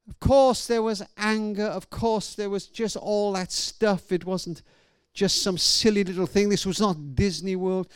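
A man's voice: high voice, fairly even intonation, measured pace, few pauses, clean tone, no room sound, clean studio sound. A man preaching a sermon, telling a story emphatically and dramatically, often restarting his sentences.

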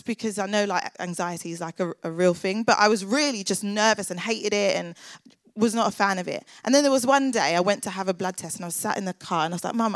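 A woman's voice: medium pitch, no room sound. A woman, sharing a personal faith testimony in an earnest, chatty way full of filler words. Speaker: church worker sharing testimony.

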